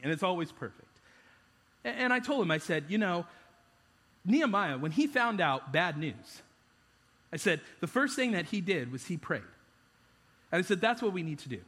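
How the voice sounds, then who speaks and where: A man's voice: on the high side, fairly bright tone, in a large hall. A man preaching a sermon as pastor, conversational and self-deprecating, often restarting his sentences.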